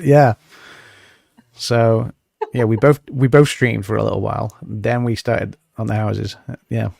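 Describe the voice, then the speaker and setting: Gravelly slow-spoken man, dry close sound. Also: on the low side, fairly even intonation, a little mellow, dry recording. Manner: easygoing, laughs along. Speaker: guest co-streamer. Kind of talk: casual livestream chat.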